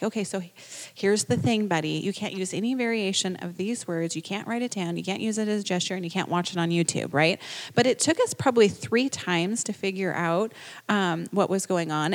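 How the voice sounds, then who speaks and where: Woman chatting frankly about her kid, animated, middle-pitched voice. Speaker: parent sharing a story. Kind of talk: casual storytelling.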